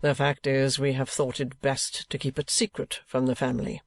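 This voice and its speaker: A man voicing a pompous, penny-pinching older male rate collector, slow and fussy in his talk. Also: medium pitch, level tone, vocal fry, dry recording. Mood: anxious.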